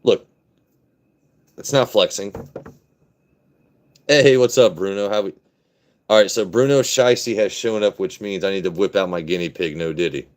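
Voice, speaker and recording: A man from Southern Maryland hosting a casual livestream, talking to his chat and letting his voice drop deep and blunt. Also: normal speed, pauses often. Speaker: livestream host.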